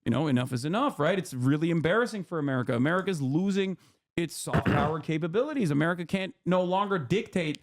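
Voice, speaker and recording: Streamer guy ranting about politics, kinda high voice, swears a lot, fired up. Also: fast. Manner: animated, profane, heated. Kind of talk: casual political explainer.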